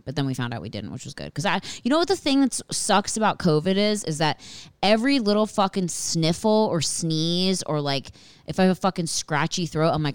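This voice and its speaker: Casual podcast host, female, low pitch, swears freely, dry close recording. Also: a little fast, clean tone, no room sound. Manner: animated, swears constantly, anxious rambling. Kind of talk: casual storytelling monologue.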